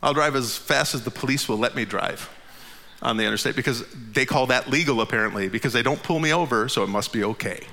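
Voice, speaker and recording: A man in his fifties telling a funny personal story, his voice leaping up at the punchlines and sinking low and quiet for the tired asides. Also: fast, big-room sound. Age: 50s. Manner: animated, jumps high in pitch at the funny parts.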